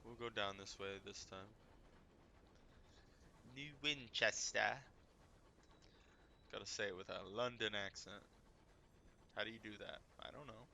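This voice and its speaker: A man casually playing a video game, reacting excitably and reading the game's text aloud to viewers. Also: on the low side, brisk, vocal fry, a little hiss or hum. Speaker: game streamer.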